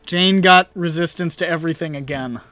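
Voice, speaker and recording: A man's voice: on the high side, brisk, bright, forceful tone, faint music behind. A man running a tabletop game as game master, laughing often and swearing as he narrates.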